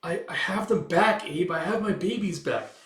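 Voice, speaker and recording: A man doing a distraught witch woman, pushed high above his own register, pleading in a strained, raised voice. The reading is caught in an echoey room. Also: lively intonation, moderate pace, fairly bright tone, recorded from a distance. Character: anguished female witch hero, clinging to an illusion family.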